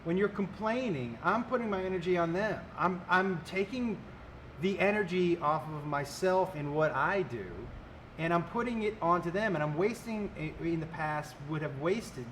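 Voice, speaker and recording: High-voiced man talking earnestly on a podcast. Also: moderate pace, fairly bright tone, a little hiss or hum. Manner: earnest, reflective, repeats himself while thinking. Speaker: podcast co-host. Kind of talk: casual podcast chat.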